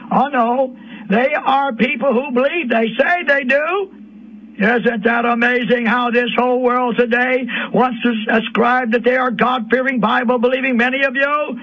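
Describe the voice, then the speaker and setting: A man preaching an impassioned sermon on the radio, rising to emotional peaks. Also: very high voice. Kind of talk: fiery sermon. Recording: dull lo-fi radio broadcast.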